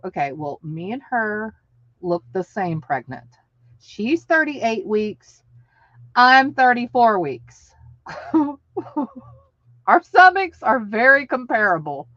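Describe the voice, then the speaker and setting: A woman past thirty-five talks at an easy, unhurried pace in a casual live-stream chat. She keeps breaking into laughs and acts out the lines of the people in her stories. The audio is dull and lo-fi, and the sound is dry and close. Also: medium pitch, very animated, fairly bright tone, no echo. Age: over 35. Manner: chatty, laughs often between sentences; tells stories by acting out what people said.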